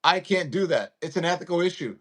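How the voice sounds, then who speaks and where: A man's voice: high voice, lively intonation, a little fast, fairly bright tone. A man in his fifties from Louisiana, hosting a casual political chat and reading viewer comments with emphasis. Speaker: host.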